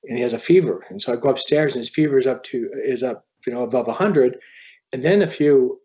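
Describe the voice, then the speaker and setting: An author telling a personal story as a podcast guest, in an earnest, halting way. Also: male voice, mid-range voice, lively intonation, mellow, dull audio. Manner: earnest, halting, quoting others as he tells a story.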